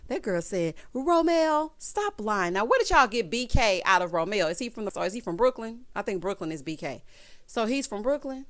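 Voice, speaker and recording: A woman's voice: medium pitch, animated, a little fast, fairly bright tone. A woman vlogger giving a casual, sassy recap commentary, calling people "honey" and "child".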